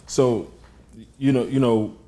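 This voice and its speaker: A man hosting a podcast, asking casual questions in a halting way full of fillers. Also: mid-range voice, steady tone, warm tone. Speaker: podcast host. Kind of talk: casual interview.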